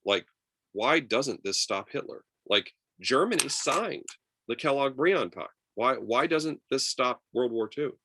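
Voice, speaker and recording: A man teaching a history class over a video call, lively and chatty, acting out quotes with many fillers. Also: mid-range voice, a little slow, background noise. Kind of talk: online class lecture.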